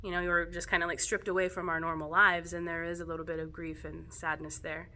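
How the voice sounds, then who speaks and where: Bright-voiced woman teacher, gentle and reflective. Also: on the low side, little pitch movement, fairly quick. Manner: gentle, reflective, laughs softly now and then. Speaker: yoga teacher. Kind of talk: casual spoken talk to students.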